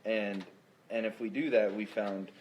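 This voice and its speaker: A man's voice: fairly low pitch, fairly even intonation, a little slow, muffled recording, a little hiss or hum. A man hosting a casual interview, telling anecdotes and tagging phrases with "right?". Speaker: host.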